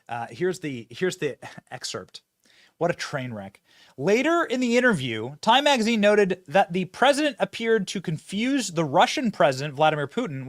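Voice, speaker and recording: A man hosting a political commentary show, talking in an animated, sarcastic, chatty way. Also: fairly high pitch, no room sound, clean studio sound. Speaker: host.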